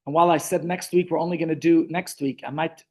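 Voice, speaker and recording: A man, a rabbi telling stories in a relaxed class held over a video call, often stopping to restart his sentences. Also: a little high, quick pace. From South Africa. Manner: chatty storytelling, frequent restarts. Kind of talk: online Torah class.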